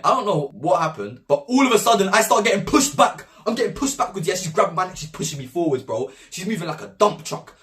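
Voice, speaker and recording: A young man with a London accent telling a story in an animated, slang-heavy way. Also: a little high, brisk, distant mic. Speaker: vlogger. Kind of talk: storytime monologue.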